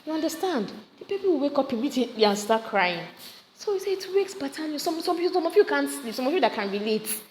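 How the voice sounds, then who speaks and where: A woman with a Nigerian accent explaining a poem to students in a casual, lively way, often asking them questions. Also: high-pitched, fast talker. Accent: Nigerian English. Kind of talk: casual recorded lesson. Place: home with generators running nearby. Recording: audio recording, reverberant, faint generator noise.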